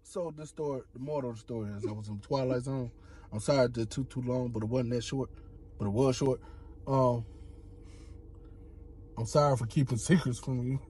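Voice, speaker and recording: A man telling a comic story on a couple's vlog, animated and laughing, slipping into slang and acting out other voices. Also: medium pitch, brisk, pauses often, breathy edge. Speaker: couple vlogger.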